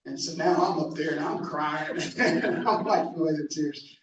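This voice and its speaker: A man working as a camp director, telling a story at a club meeting with halting restarts, heard from a distance in an echoey room. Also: a little high, dull audio. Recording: echoey hall, distant mic, faint noise.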